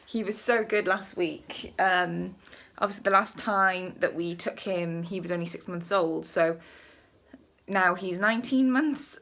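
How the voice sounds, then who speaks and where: A woman's voice: fairly low pitch, a little slow, a bit bright. A woman vlogging to a handheld camera, chatting in a friendly, rambling way while out of breath. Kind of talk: casual vlog chat to camera.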